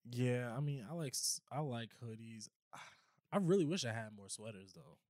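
A man co-hosting a podcast who asks quick either-or questions, laughing and teasing in casual chat. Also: mid-range voice, expressive, darkish tone, dry recording, studio quality. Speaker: podcast co-host asking questions.

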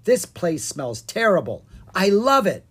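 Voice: mid-range voice, very animated, measured pace, fairly bright tone, breathy edge, voice pushed up, heavily acted. A reader voicing a cheeky, stubborn young boy dragon in a storybook.

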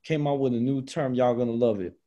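A young man hosting a podcast, telling a story in a casual, slangy, animated way, peppering his talk with bro and man. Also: medium pitch, brisk, highs cut off. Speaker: podcast host.

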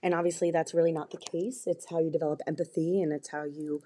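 Husky low-voiced woman podcaster. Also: little pitch movement, fast talker, warm tone. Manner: candid, earnest, rambling with restarts. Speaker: podcast co-host. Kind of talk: casual chat.

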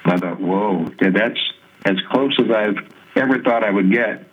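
A man being interviewed as a guest musician, telling stories in a lively conversational way, acting out other people's lines and laughing often. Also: lowish voice, moderate pace, over a noisy crowd. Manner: animated storyteller who mimics others' voices and laughs often. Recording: tinny phone-like line.

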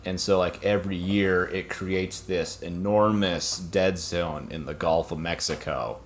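A man co-hosting a casual podcast discussion, relaxed and quick to laugh, swearing now and then. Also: sits low. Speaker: podcast co-host.

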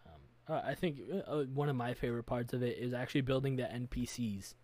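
A man with a mid-range voice talks about his tabletop game in a casual podcast chat. He sounds earnest and works through his thoughts out loud. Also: medium pitch, brisk. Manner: earnest, thinking aloud. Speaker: game master, podcast co-host.

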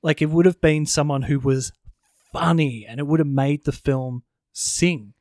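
A man's voice: a little high, normal speed, a little mellow, no room sound. A man trades opinions in a casual film review chat, emphatic and swearing freely. His voice is close and dry on the mic. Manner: profane, emphatic, jokey. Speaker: podcast co-host.

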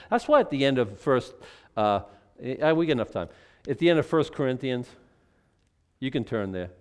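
An older man preaching a sermon in a conversational, animated way, with asides and acted quotes. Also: mid-range voice, moderate pace, long pauses, clean tone. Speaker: pastor.

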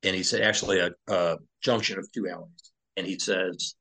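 A man's voice: low voice, steady tone, normal speed, bright, forceful tone, husky, poor audio. A former Navy SEAL, a man, telling a war story as a podcast guest in a loose, conversational way, with fillers and restarts.

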